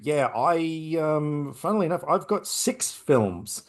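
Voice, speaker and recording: A man's voice: fairly high pitch, lively intonation, takes it slowly. A man hosting a film podcast, chatting casually and rambling with lots of asides. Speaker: podcast host.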